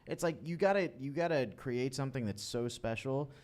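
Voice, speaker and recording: A man's voice: mid-range voice, brisk, darkish tone. A man chatting casually on a podcast, rambling with many fillers and emphatic asides. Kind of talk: casual chat.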